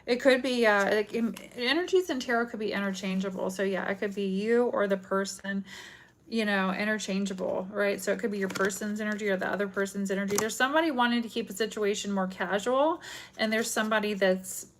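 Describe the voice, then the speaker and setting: A woman's voice: medium pitch, fairly quick. A woman giving a chatty, rambling live tarot reading, often breaking into giggles, recorded at home. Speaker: tarot reader. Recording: noisy home stream with card shuffling.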